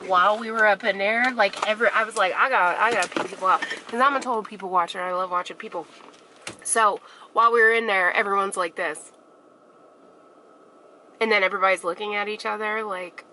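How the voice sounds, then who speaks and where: A woman with a slightly high voice swears her way through a gossipy story in a casual, chatty vlog shot in her car and in stores. The handheld camera mic yields poor audio with slight background noise, but her storytelling stays animated.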